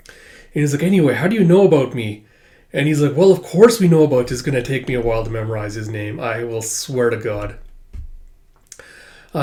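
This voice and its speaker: A man casually recapping a comic chapter, reading the characters' lines aloud with sudden jumps in pitch and loudness, laughing now and then. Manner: casual and chatty, many fillers. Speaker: manga reader and commentator.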